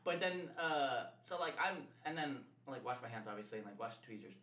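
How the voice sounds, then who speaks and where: A man's voice: medium pitch, lively intonation, a little fast, pushed and bright. A man co-hosting a podcast in casual chat, bantering crudely and laughing often, recorded in an echoey room. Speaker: podcast co-host.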